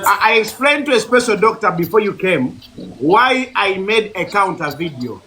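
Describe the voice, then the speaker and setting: A man's voice: high voice, sharp tone. A man hosting a barista channel, defending himself and explaining with examples in a heated live debate over a video call.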